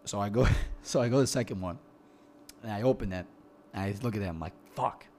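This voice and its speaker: A man's voice: fairly low pitch, quick pace, a little mellow, slight background noise. A young man telling a long, rambling, profane story in casual podcast chat, often repeating words as he gets going. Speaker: podcast guest.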